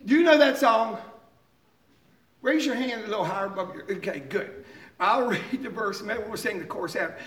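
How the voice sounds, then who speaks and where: A man's voice: high voice, animated, fairly bright tone, echoey room. A man preaching a sermon with emphasis, often asking "okay?" and laughing between points. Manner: reads hymn lines slowly and deliberately.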